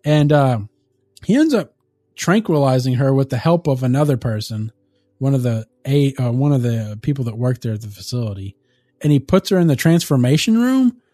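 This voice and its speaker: A man casually recapping a movie on a podcast, animated and profane, often laughing through the story. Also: mid-range voice, normal speed, no room sound, studio quality, soft background music. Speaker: podcast co-host.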